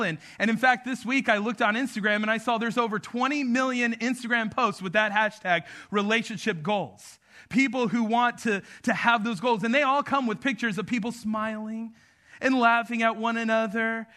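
Delivering a sermon at normal speed, a New Mexico pastor in his thirties keeps things relaxed and conversational, weaving jokes into his stories. He has a very high, sharp-toned voice with fairly even intonation.

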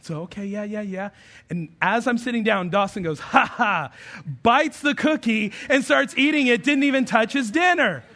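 A man's voice: very high voice, moderate pace, bright, forceful tone. A pastor in his thirties preaching an Easter sermon in a conversational, humorous way, telling stories and rising into emphatic points.

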